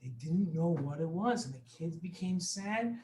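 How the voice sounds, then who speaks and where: A man's voice: high-pitched, expressive, moderate pace, darkish tone. A man hosting a children's show, telling a story to kids in an upbeat, reassuring way. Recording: echoey room.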